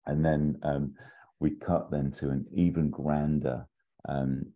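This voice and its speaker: A man casually pitching a comedic film sequel scene by scene, often popping into silly high character voices. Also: flat delivery, slow pace. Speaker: podcast co-host pitching an imagined sequel. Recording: dull lo-fi sound.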